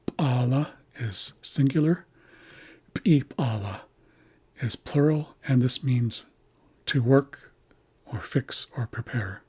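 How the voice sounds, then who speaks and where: A man giving a screen-share language lesson, carefully repeating each word slowly and breaking it into syllables. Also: mid-range voice, a little mellow, breathy edge. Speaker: language teacher. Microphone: webcam setup.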